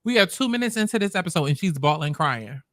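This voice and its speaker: A man's voice: high voice, expressive, quick pace, fairly bright tone, no echo. A man hosting a reaction commentary, sassy and blunt, talking while he eats. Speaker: commentary host.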